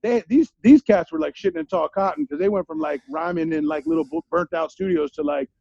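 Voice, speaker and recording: A middle-aged man spins candid stories as a guest, swearing freely and leaning on street slang. His voice sits high for a man yet gravelly and dark. The recording is dry and a bit dull. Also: very animated, a little fast, no echo. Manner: streetwise slang, profane, asks "you feel me?". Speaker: interview guest, rapper. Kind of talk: candid storytelling.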